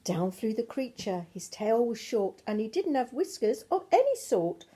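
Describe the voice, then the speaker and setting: A woman's voice: a little high, big pitch swings, moderate pace, mellow, breathy edge. An older woman reading a picture book to her grandchildren at home, affectionate and asking them questions about the pictures. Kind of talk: bedtime storybook read-aloud.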